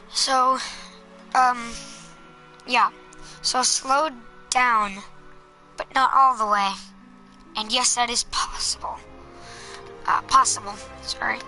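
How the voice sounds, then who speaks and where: A woman's voice: on the high side, bright, forceful tone. A woman giving casual gameplay tips over a headset, hesitant and full of ums and restarts. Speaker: gameplay commentator. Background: game music and sound effects.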